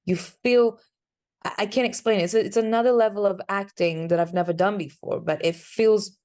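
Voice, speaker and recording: A woman's voice: mid-range voice, steady tone, brisk, a little mellow. A woman, an actress chatting in an interview, searching for words as she talks. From Sweden. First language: Swedish. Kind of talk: casual interview answers.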